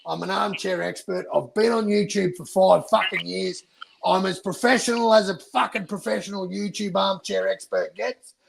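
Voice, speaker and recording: A man's voice: sits high, fairly even intonation, moderate pace, gravelly, background noise. An Australian man, a boxing YouTuber, arguing passionately in casual debate and swearing a lot.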